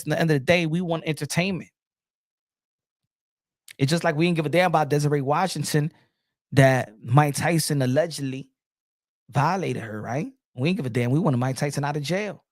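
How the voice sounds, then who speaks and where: High-voiced blunt man ranting about boxing. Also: fairly quick, no echo, clean studio sound. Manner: blunt, profane, repeats words and restarts. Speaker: boxing podcast host. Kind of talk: casual opinion rant.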